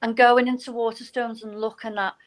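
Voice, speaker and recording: Here a middle-aged novelist who teaches poetry chats casually as a guest, her voice on the high side and her pace brisk. She's lively as she tells stories, giving each quoted person their own voice, all captured in a low-quality recording.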